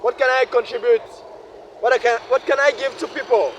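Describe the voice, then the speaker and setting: A man with a Ugandan English accent, hoarse from a flu and cough, vlogging in a reflective, repetitive way beside a highway. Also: fairly even intonation, fairly quick, a bit bright. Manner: reflective, repeats phrases, shifts into a deeper voice at times. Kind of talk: casual vlog monologue. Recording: noisy outdoor recording with wind. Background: traffic and wind.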